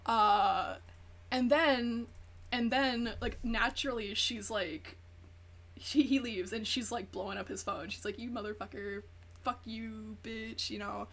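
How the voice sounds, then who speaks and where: A woman's voice: a little high, measured pace, fairly bright tone. A woman streamer chatting casually while gaming, rambling through profane gossip and acting out quotes. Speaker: VTuber streamer.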